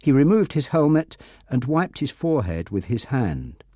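A man narrating a graded reader audiobook, reading slowly and clearly. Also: medium pitch, no room sound, clean studio sound. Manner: slow, clear, expressive reading.

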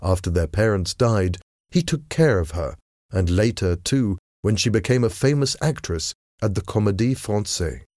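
A man narrating a story in a measured, even reading voice. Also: fairly low pitch, no echo, clean studio sound.

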